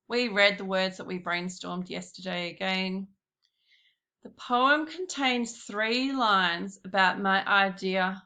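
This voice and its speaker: A woman giving a slow, patient classroom lesson, talking straight to her pupils. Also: medium pitch, sharp tone. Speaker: primary school teacher.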